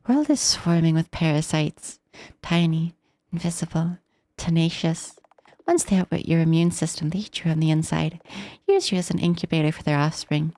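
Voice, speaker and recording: A woman streamer reading game text aloud on a live stream in a measured, deadpan way. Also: low voice, no room sound. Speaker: VTuber streamer.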